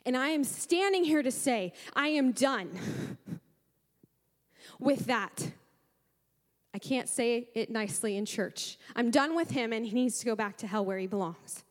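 A woman's voice: a little high, expressive, a little slow, in a large hall. A woman pastor preaching a sermon in a church, fervent and emotional, sighing and repeating her praise. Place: church sanctuary.

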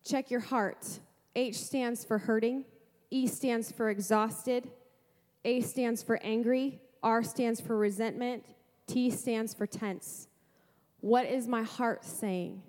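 A woman pastor preaching a sermon to a congregation, lively, asking rhetorical questions and making playful asides. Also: a little high, slow pace, big-room sound.

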